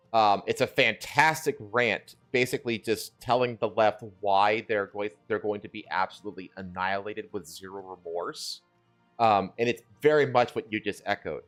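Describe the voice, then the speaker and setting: A man co-hosting a casual political news stream, building slow, emphatic rants with fillers. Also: fairly low pitch, fairly bright tone. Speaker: co-host of a news talk stream.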